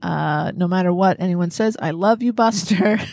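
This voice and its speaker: A woman's voice: fairly low pitch, normal speed, vocal fry, a little mellow, no room sound. A woman co-hosting a casual podcast, reading listener letters aloud and laughing as she goes. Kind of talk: casual chat.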